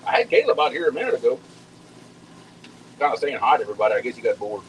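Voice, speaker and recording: A chatty man from talks viewers through his cooking in a relaxed, folksy way, often doubling back on his words. His voice sits at a middling pitch, with a faint hum of background noise. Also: fast, rough recording. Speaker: home cook hosting a live cooking stream. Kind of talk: casual cooking chat with viewers.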